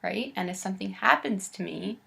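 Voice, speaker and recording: A woman in her late twenties speaking in a halting, candid confessional vlog, close to tears. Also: mid-range voice, vocal fry, pushed and bright, husky. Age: late 20s. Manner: halting and candid, with pauses and restarts. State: on the verge of tears. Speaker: vlogger.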